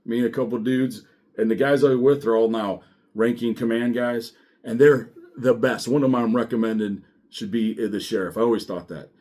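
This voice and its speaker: A middle-aged man who once worked as a sheriff's deputy talks straight to the camera in a casual monologue. His delivery is blunt and full of swearing, and it stays lively and animated throughout. His voice sits in an ordinary middle pitch. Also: normal speed. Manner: blunt, profane, animated storytelling.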